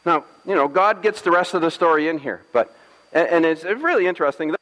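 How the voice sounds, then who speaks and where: Pastor, male, high voice, playful storyteller, long church reverb. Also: expressive, a little fast, fairly bright tone. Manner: playful storytelling, acting out scripture with jokes. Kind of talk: sermon.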